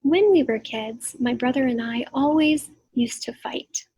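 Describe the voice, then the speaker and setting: A woman with a slightly high, breathy voice walks through a recorded grammar lesson. She explains step by step in a patient teacher's manner and slows right down on her examples. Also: mellow, low-quality recording. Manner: clear explanatory teacher talk, drawn-out examples. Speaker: Spanish teacher.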